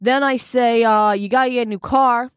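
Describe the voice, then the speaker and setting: A woman's voice: fairly high pitch, fairly even intonation, normal speed, clean tone, no echo, natural voice. Woman playing a rambling, cocky American male life coach; dry studio sound. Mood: boastful. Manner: rambling, cocky, full of fillers. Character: brash, boastful American male self-help mentor. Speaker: studio guest. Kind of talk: improvised comedy role-play.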